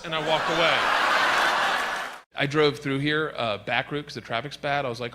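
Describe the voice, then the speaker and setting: Rowdy high-voiced man doing stand-up. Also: moderate pace. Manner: loud, rowdy storytelling with shouted bits. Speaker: stand-up comedian. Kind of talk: stand-up set. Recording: noisy live stage recording.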